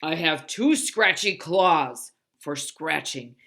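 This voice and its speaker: A woman voicing a big, bad, hungry male bully bug from a storybook, growling and boasting loudly. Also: sits low, animated, slow, exaggerated voice. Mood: menacing.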